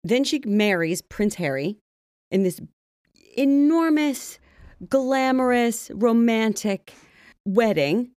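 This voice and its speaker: A woman's voice: fairly high pitch, lively intonation, slow pace, darkish tone, no echo, clean studio sound. A female podcast co-host in casual chat, wry and full of questions.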